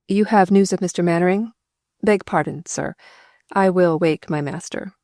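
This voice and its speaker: A woman voicing a wary, blunt male manservant in an audiobook, speaking low and clipped. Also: moderate pace, mellow, no echo, studio quality, natural voice. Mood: respectful.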